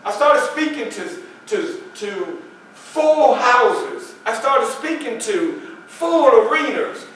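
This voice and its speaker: Frederick Douglass, as a male reenactor plays him on stage, recalls his life in a fairly high voice. He speaks slowly and holds dramatic pauses. The sound comes from far off in an echoey room with faint ambience behind. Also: sing-song, a bit bright, slight background noise, full character voice. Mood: earnest. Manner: storytelling, dramatic pauses, emphatic. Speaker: historical reenactor. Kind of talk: first-person stage monologue. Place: library meeting room, live audience. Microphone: far camera.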